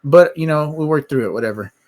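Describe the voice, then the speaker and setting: A man's voice: a little high, fast, darkish tone. A man hosting a live stream, chatting casually about movies, rambling and blunt, with plenty of swearing. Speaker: stream host. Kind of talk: casual chat.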